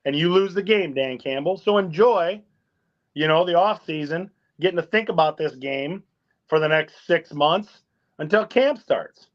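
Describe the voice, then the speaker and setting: A man's voice: on the high side, measured pace. A man co-hosting a sports talk show, blunt and fired up, citing stats. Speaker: podcast co-host. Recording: dull lo-fi audio.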